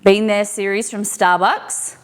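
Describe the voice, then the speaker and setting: A woman's voice: medium pitch, unhurried, clean tone. A woman streaming live, chatting casually with her viewers as she looks over a collection, curious and full of questions. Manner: curious, asks many questions, excited exclamations. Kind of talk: casual unboxing chat with viewers.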